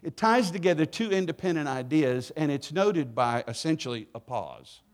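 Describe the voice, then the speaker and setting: A middle-aged man delivers a sermon as a visiting preacher in a church. His voice sits a little high and swings widely in pitch as he teases the congregation and calls for their responses. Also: animated, moderate pace. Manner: playful, call-and-response with congregation. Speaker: guest preacher. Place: church sanctuary.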